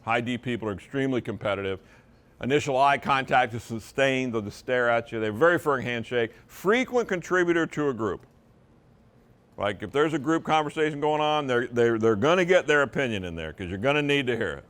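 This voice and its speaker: A man's voice: medium pitch, expressive, fairly quick, a bit bright. Emphatic male seminar presenter. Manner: emphatic, conversational, uses vocal intonation for emphasis. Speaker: sales trainer for real estate agents.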